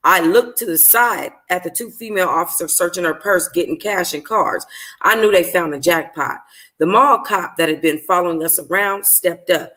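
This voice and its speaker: Brief: woman book-club reader, low-ish voice, casual and profane, fixes her own slips. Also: moderate pace, sharp tone. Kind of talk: casual read-aloud of a novel.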